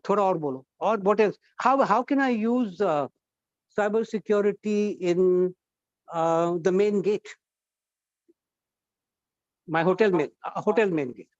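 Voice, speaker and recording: A high-voiced man runs a lively college workshop, pushing shy students to speak up. The sound is dry and a little muffled. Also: a little slow, long pauses, no room sound. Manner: coaxing, asks the class questions. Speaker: guest trainer at a college workshop. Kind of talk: interactive classroom talk.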